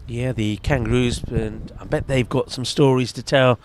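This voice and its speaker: A man's voice: mid-range voice, steady tone, normal speed, a little hiss or hum. A man giving live, chatty commentary at a cricket match, bantering with the fielders near him. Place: outdoors at a cricket ground.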